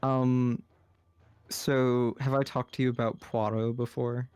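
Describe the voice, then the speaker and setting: Guy with a slight lisp, plain american accent, casual rambly podcast talk, mid pitch. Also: little pitch movement, slow pace, darkish tone, smooth, dry recording. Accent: General American. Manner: rambling, lots of fillers. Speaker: podcast co-host. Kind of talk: casual chat.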